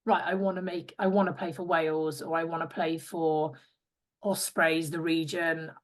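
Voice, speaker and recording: A chatty young woman from England talks as a podcast guest in a lowish voice. She tells her story with lively bits of quoted dialogue, voicing the people she remembers. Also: normal speed. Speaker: guest, former rugby player. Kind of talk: casual interview chat.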